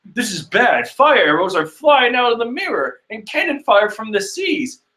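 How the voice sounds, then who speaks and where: A man's voice: very high voice, sing-song, moderate pace, bright, forceful tone, voice pushed up, exaggerated voice. A man doing a frantic skeleton musician. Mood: alarmed. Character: gangly male skeleton musician, frantic and excitable.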